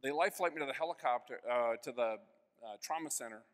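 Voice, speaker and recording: A man's voice: medium pitch, fast. Earnest man telling his story, reverberant hall. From United States. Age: 50s. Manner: earnest storytelling with sudden swings in loudness. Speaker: keynote speaker. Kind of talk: personal faith testimony. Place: large convention hall.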